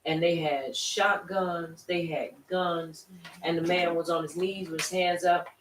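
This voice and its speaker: A teacher leads a Shabbat class for a congregation, preaching loosely and conversationally, tossing out rhetorical questions that draw answers from the room. The voice is medium-pitched, steady, unhurried, and a bit bright, with slight hiss or hum. The room is echoey, the mic distant, the ambience faint.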